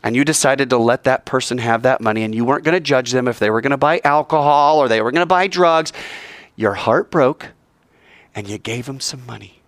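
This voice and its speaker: A man teaches an informal Bible class delivered as a sermon, an animated storyteller who acts out the voices of the people in his stories. His mid-range voice moves a little fast, with no echo.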